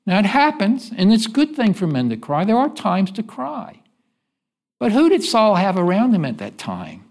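A man preaches in church in a plainly folksy, conversational way, stopping often to let the congregation call out the missing word. His voice sits high and swoops up and down with plenty of life. He repeats himself casually as he works through the point. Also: huge pitch swings, moderate pace, vocal fry, a little mellow. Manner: asks the congregation fill-in-the-blank questions. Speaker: pastor. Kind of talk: sermon.

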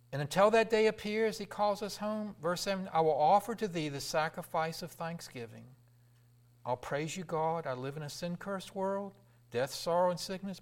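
Man, preacher, middle-aged, sermon, fairly high voice, loud-to-whisper swings.

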